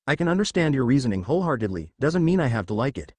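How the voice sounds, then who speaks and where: A man's voice: medium pitch, very animated, quick pace, no echo. A man voicing a blunt, proud young male ninja in a read-aloud fan story, speaking plainly and directly. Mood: earnest.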